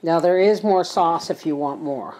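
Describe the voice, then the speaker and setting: A middle-aged homestead cooking vlogger chats casually and homily with viewers while cooking in her home kitchen, narrating as she goes. Her voice is fairly low-pitched and a little mellow, at a moderate pace, with a bit of hiss or hum.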